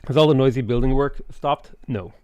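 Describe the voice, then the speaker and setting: A man's voice: mid-range voice, fairly quick, warm tone, clear, resonant tone, dry recording. Irish male streamer, mid voice, loose rambling chat, dry close mic. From Ireland. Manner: rambling, swears freely, reads chat aloud. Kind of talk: casual chat while playing a strategy game.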